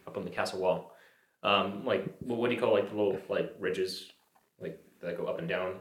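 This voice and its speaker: A man's voice: sits low, fairly even intonation, fairly quick. A man playing a tabletop game, talking casually and hesitantly with lots of "like" fillers. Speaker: player. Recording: roomy sound with music behind.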